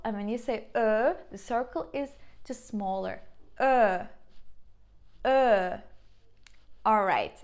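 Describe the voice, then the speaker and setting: A young woman with a Turkish accent, teaching a beginner lesson on how to pronounce vowels, slowly repeating each sound. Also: on the high side, darkish tone. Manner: slow, patient, repeats sounds, exaggerated mouth demonstrations. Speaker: language teacher.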